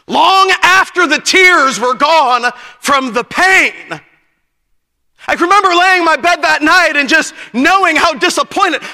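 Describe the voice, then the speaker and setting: A man preaching a sermon at a youth conference, telling a personal story with bursts of shouting at the climaxes. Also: very high voice. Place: church auditorium. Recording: long reverb of a church hall.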